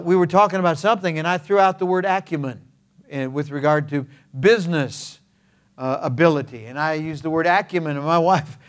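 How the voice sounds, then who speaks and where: Man, pastor, folksy sermon, slightly higher-pitched voice, chatty with hesitant fillers. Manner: folksy, conversational preaching with homespun examples; frequent hesitant fillers and restarts.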